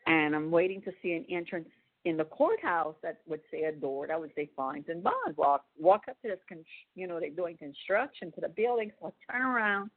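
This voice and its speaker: A woman's voice: on the low side, moderate pace. A woman, telling a story on a phone call and acting out the voices of the people in it. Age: 40s. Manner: animated storyteller acting out dialogue. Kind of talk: casual phone chat, storytelling. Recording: tinny phone line.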